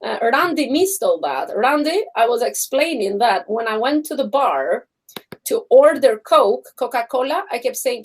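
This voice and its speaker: A woman co-hosting a casual live chat stream, telling animated stories, acting out other people's voices and laughing often. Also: a little high, moderate pace, poor audio.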